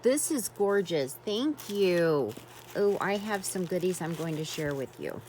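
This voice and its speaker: A woman's voice: lowish voice, lively intonation, unhurried, a little mellow, slight background noise. A woman vlogging as she unboxes a craft swap, gushing with effusive exclamations in casual chat.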